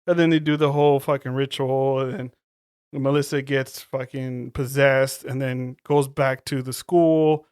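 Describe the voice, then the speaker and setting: A man's voice: medium pitch, level tone, a little mellow, smooth, no echo, clean studio sound. A man co-hosting a podcast, recapping a film in loose, profane casual chat. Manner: loose, profane movie recap with quick quoted voices. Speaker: podcast co-host.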